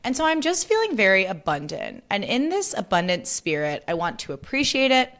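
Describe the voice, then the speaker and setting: A woman's voice: medium pitch, big pitch swings, a little fast, a bit bright. Bubbly, swearing young woman podcaster. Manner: bubbly, chatty, swears freely, lots of "like". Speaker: podcast host. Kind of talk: casual solo podcast chat.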